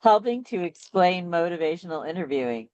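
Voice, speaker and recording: Low-voiced woman host, dry sound. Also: lively intonation, brisk, a little mellow, no room sound, dull audio. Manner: conversational, laughs along easily. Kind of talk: casual chat.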